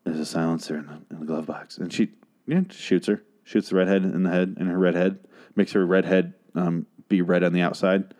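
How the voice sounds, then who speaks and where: A hoarse man with a fairly low voice, worn from recording several podcasts in a row. He rambles through a TV episode recap in a casual, profane way, with sarcastic asides and restarts. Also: level tone, a little fast, a little mellow. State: losing his voice. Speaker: podcast host.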